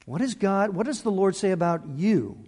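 High-voiced pastor preaching in a reverberant hall. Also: male voice, expressive, normal speed, mellow. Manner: emphatic, repeats key words, asks the congregation questions. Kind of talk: sermon. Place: church sanctuary. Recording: long reverb of a church hall.

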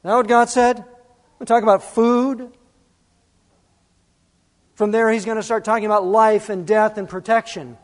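A man's voice: high voice, steady tone, normal speed, long pauses, long reverb tail. A man preaching a sermon as pastor, emphatic and full of rhetorical questions.

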